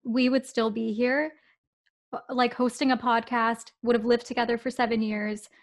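Woman, 20s, podcast co-host, casual chat, higher pitch, giggly, earnest. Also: little pitch movement, normal speed.

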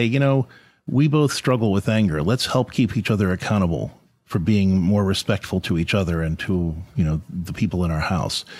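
Earnest man talking parenting, lively pitch. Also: no echo. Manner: earnest, conversational, many restarts and asides. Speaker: podcast host and parenting speaker. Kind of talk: reflective talk on faith and parenting.

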